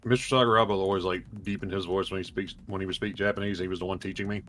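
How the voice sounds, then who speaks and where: A young man on a casual podcast, telling animated stories and swearing freely. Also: sits low, racing, soft background music. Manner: animated storyteller who acts out quotes, swears freely. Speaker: podcast co-host.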